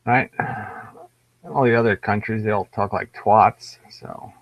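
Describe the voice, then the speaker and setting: A man's voice: on the low side, fairly even intonation, a little slow, no room sound. A man with an American accent hosting a live stream alone, rambling in a wry, profane, self-mocking way. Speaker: livestream host. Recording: dull lo-fi livestream audio.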